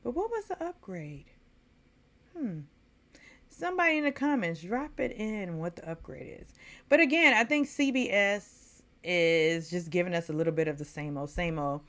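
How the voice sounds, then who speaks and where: A woman's voice: on the low side, expressive, normal speed, a bit bright. A woman from Texas giving an opinionated, casual recap of a reality show as a vlogger. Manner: opinionated, chatty, mocks people in quoted voices.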